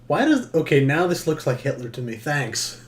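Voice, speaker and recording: A man's voice: fairly high pitch, sing-song, moderate pace. A man chatting while he edits on a stream, dry and sarcastic, his asides often sinking to a mumble. There is a faint hum behind him. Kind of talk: casual chat while editing.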